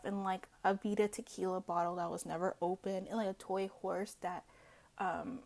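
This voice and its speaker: Female recap host, casual chatter, gravelly fry in the voice. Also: medium pitch, darkish tone. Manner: chatty, filler-heavy, acts out quotes.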